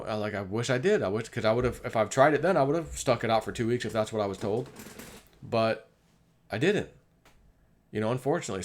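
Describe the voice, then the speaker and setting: Middle-aged male vlogger, loose confessional monologue, mid pitch, acts out dialogue. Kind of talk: casual personal monologue.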